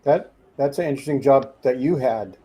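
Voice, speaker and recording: A man's voice: medium pitch, normal speed, dark tone. A male host making dry, joking comments in a casual chat.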